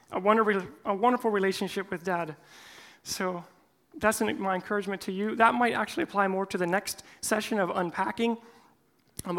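A man's voice: high-pitched, a bit bright. A man speaking to a church men's group, reading a personal letter aloud and then addressing the group in an earnest, heartfelt way.

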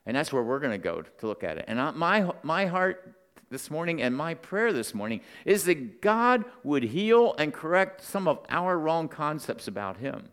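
A man's voice: fairly high pitch, smooth. A man preaching a Sunday morning sermon as pastor, talking conversationally, telling stories and checking in with his listeners. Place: church sanctuary. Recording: long reverb of a church hall.

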